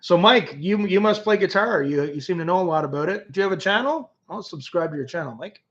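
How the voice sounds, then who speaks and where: A man from Canada hosts a loose livestream, answering viewers by name and wandering from topic to topic. His voice sits a little high, and he often repeats and restarts his words. The stream audio is dull and lo-fi. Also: expressive, fast talker, fairly bright tone. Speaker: livestream host. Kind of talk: casual livestream chat reading comments.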